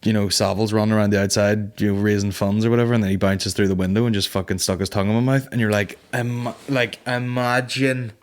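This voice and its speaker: A man's voice: on the low side, flat delivery, racing, hardly any pauses. A man hosting a comedy podcast in a casual monologue, rambling, swearing freely and laughing at his own jokes. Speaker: podcast host.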